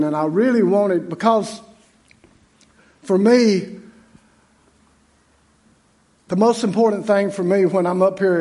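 A man delivers a sermon in a notably high voice. He talks to the congregation like old friends, with folksy asides and frequent restarts. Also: a little mellow. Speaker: associate pastor. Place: church sanctuary.

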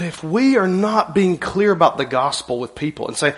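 A man's voice: on the high side, expressive, moderate pace. A man, preaching a sermon as pastor, emphatic, with his voice rising and falling.

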